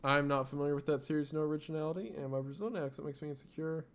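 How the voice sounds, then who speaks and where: Relaxed man chatting on a livestream. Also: a little high, racing. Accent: faint Southern US. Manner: relaxed, rambling with restarts. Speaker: streamer. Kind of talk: casual livestream chat.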